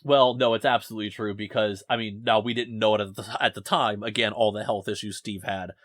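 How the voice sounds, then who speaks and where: Young guy rambling on a podcast, animated, jokes at himself, dry sound. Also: on the low side, brisk, no room sound. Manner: rambling, self-deprecating, animated. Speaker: podcast host. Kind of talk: casual podcast chat. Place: home basement.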